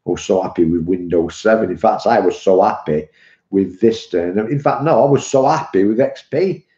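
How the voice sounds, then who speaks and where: A man's voice: lowish voice, moderate pace, dark tone. A middle-aged British man chatting casually on a live stream, rambling and calling viewers "mate". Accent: British English. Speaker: vape reviewer and live streamer. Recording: muffled, echoey room.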